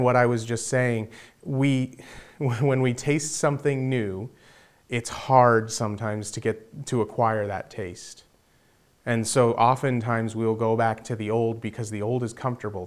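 A man preaching a sermon as pastor, earnest, often repeating words as he builds to emphatic points. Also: medium pitch.

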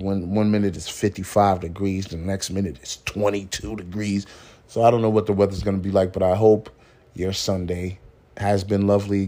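A man with a low, warm voice hosts a casual motivational podcast. He talks in a laid-back, slangy way, says "man" a lot, swears freely, and laughs at his own stories.

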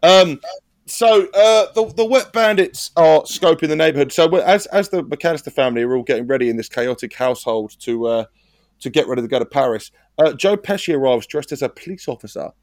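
A man's voice: a little high, lively intonation, brisk, dry recording, studio quality. A man co-hosting a podcast, chatting casually with swearing and jokey banter. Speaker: podcast co-host. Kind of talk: casual chat. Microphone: podcast mic.

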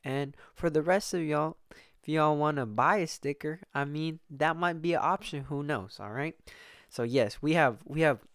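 A man's voice: fairly high pitch, normal speed, a bit bright, clear, resonant tone, no room sound, clean studio sound. A young man hosting his own podcast alone, chatting casually and rambling with lots of swearing and restarts. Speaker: podcast host. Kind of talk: casual solo podcast chat.

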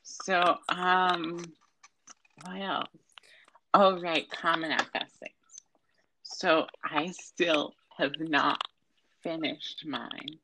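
A woman's voice: low voice, fairly even intonation, drawn-out words, gravelly, pauses often, pushed and bright, slight background noise, poor audio. A teenage girl co-hosting a casual podcast, rambling and hesitating with many fillers. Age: late teens. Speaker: podcast co-host. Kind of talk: casual chat.

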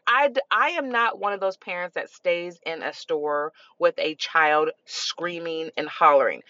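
A middle-aged woman hosting a parenting podcast, telling stories in a casual, animated way with frequent laughter. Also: mid-range voice, moderate pace, no echo, muffled recording. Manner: animated, expressive, laughs often. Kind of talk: casual storytelling.

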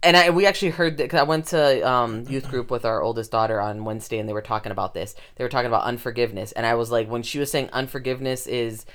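A low, deep-pitched woman in her thirties holds forth on a podcast. She talks in a loose, chatty way, laughs easily and drifts into little sermons on her topic. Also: steady tone, fast talker, hardly any pauses, a bit bright. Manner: chatty, laughs often, slips into preaching. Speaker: podcast co-host. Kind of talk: casual podcast chat.

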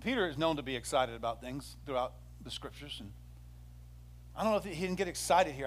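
A man preaching a sermon as pastor, telling a Bible story with lively acted-out quotes. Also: fairly high pitch, brisk. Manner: animated storytelling, acts out quoted speech.

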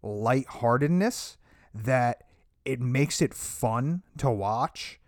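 A man's voice: medium pitch, expressive, extremely slow, dry recording. A man talks in a loose, rambling podcast chat about films, swearing freely as he gets going. His voice sits in the middle range and sounds dry and close to the mic. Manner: enthusiastic, rambling, casual swearing. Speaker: podcast co-host. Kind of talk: casual movie chat.

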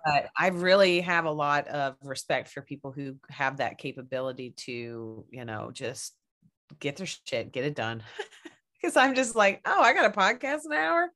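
A woman's voice: very deep voice, expressive, a little slow, a bit bright. A woman podcast host in casual chat, candid and laughing often, swearing now and then.

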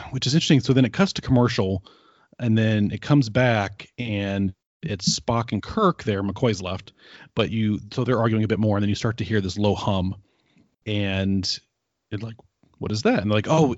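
Chatty lower-voiced man recapping. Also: moderate pace, dry recording, muffled recording. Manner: rambling, lots of ums and quoted asides. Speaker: podcast co-host recapping an episode. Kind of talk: casual chat.

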